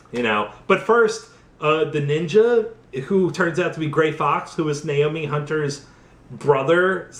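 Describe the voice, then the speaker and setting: A man's voice: on the high side, fairly bright tone. Tipsy man rambling, echoey room. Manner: rambling, profane, lots of fillers. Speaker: host. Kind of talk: drunk casual game recap.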